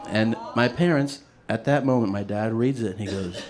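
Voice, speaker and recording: A man doing stand-up, telling a story in a lively, profane way and laughing as he goes. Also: on the low side, moderate pace, few pauses. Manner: animated, profane, laughing through his story. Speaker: stand-up comedian.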